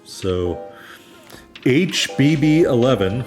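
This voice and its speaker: Casual let's-play host, a man with a lowish voice, chatty and meandering, faint game music underneath. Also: measured pace, darkish tone. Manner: rambling, many ums, self-deprecating asides.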